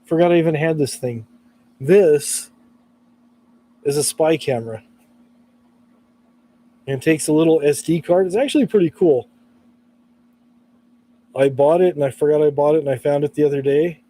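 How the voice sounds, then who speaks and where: A man from California, hoarse from allergies, chatting casually and laughing often on a live stream. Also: a little high, normal speed, long pauses, dark tone.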